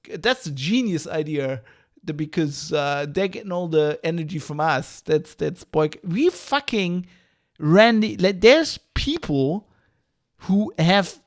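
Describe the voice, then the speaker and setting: A man's voice: high-pitched, animated, a little slow. A man hosting a podcast livestream, ranting in a heated, profane, rambling way. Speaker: podcast host.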